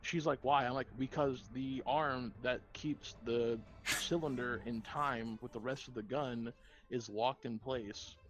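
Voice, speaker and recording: A man's voice: mid-range voice, fairly even intonation, unhurried, low-quality recording. A man who works at a gun store, chatting casually on a gaming stream and telling a story by acting out both sides with plenty of swearing. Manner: profane, tells anecdotes by acting out both sides.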